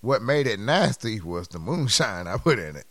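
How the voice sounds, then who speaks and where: A man's voice: on the low side, sing-song, normal speed, a bit bright, dry recording. A man co-hosting a podcast, chatting casually, playfully indignant and laughing often. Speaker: podcast co-host. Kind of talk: casual comedic chat.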